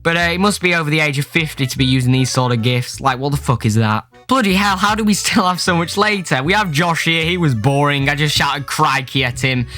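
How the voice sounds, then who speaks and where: A young man telling jokes in a sarcastic way as he reads out chat messages, now and then breaking into shouts. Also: on the high side, a little fast, hardly any pauses, faint music behind. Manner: sarcastic, jokey, bursts into shouting. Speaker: YouTuber. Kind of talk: comic storytelling, reading out chats.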